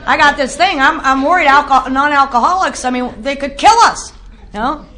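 A woman's voice: sits high, normal speed, bright, forceful tone, some chatter behind. A middle-aged woman giving a candid, self-mocking personal testimony at a recovery meeting, often laughing at herself.

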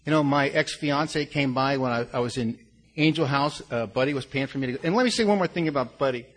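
A man's voice: mid-range voice, fast talker. An older man speaking at a recovery meeting, telling a frank, rambling personal story with many restarts. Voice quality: gravelly. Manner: frank and earnest, with blunt curses. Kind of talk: personal testimony to a group.

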